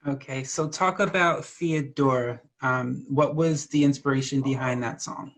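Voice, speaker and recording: An interviewer asking calm, brief questions in a casual chat. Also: medium pitch, unhurried.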